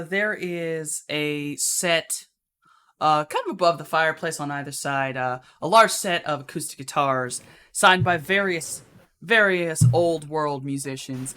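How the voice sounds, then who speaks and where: A man narrating as game master of a tabletop game, relaxed and playful. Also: a little high, clean tone.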